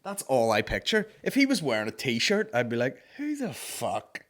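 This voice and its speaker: Young man, comedy podcast host, loose sweary rambling, very lively pitch. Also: fairly quick. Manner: sweary, rambling, bursts into loud mock operatic wails. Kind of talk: casual comedic banter.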